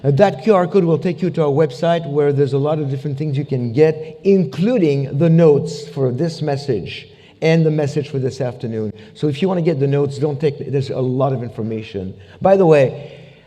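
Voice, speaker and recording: A man's voice: a little high, normal speed, mellow, long reverb tail. A man giving a conference talk in a church, joking around and filling his sentences with "you know.". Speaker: conference speaker, ministry founder. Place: church hall.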